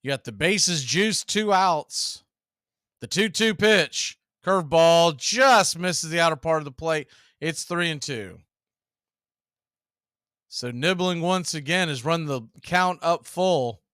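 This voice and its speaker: A man doing live baseball play-by-play into a close, dry microphone. His voice sits a touch high and rings bright. He paces the call evenly, counting balls and strikes and tossing in dry jokes. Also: lively intonation, clear, resonant tone, no echo. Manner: measured, calls each pitch and count, dry quips. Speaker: play-by-play announcer.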